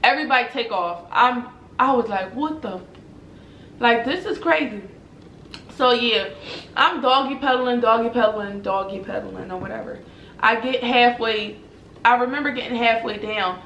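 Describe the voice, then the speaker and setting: Young woman doing a storytime vlog, swears a lot, bright voice, echoey room. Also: fairly high pitch, normal speed, muffled recording, a little hiss or hum. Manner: animated, profane, addresses viewers as "y'all". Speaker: vlogger telling a personal story. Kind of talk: casual storytime chat.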